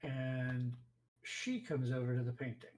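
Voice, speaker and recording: A man's voice: medium pitch, fairly even intonation, a little slow, a little mellow. A man running a tabletop role-playing game as game master, narrating scenes and explaining rules plainly.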